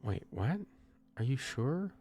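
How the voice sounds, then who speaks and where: A man's voice: mid-range voice, big pitch swings, slow pace, warm tone. A man streaming a game live, commenting casually and sarcastically and swearing freely.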